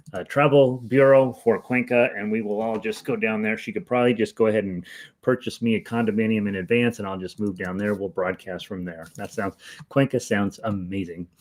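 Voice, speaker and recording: A man with a slightly low, nasal voice that he himself likens to a frog. He talks in a loose, rambling way, greeting viewers by name as he gets an online harmonica class going from home. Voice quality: nasal, self-described as frog-like. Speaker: online music teacher. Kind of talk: casual livestream class chat. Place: home, in Denver.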